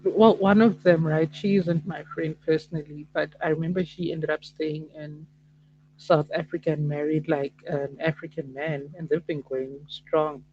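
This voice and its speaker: A woman's voice: deep voice, fairly even intonation, moderate pace, slight background noise. Woman guest on dull call audio. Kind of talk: casual debate on a call.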